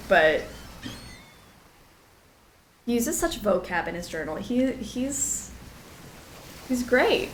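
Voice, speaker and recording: A woman's voice: medium pitch, fairly bright tone, reverberant, slight background noise, poor audio. A woman streaming a puzzle game, chatting casually and thinking aloud as she solves it. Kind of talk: casual gameplay commentary.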